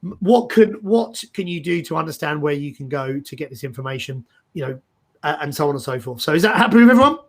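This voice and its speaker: A gravelly, slightly high-pitched middle-aged man leads a loose career talk on a video call. He is animated and rambling, circling back and repeating words as he thinks aloud. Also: fast talker. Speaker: host. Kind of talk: casual career advice chat.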